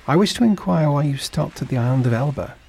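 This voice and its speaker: A man's voice: on the high side, expressive, fast talker, gravelly, darkish tone, slightly rough, pitched above the performer's own voice, exaggerated voice, low-quality recording. A man reading a storybook and voicing a kindly, fatherly shipowner who asks questions. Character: male shipowner, warm and fatherly employer.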